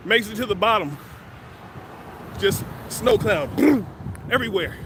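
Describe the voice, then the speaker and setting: A man with a high voice tells stories while walking a city street, animated and playful, tossing in sound effects. Loud traffic and gusts of wind roar behind him. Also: normal speed, long pauses. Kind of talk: walk-and-talk storytelling.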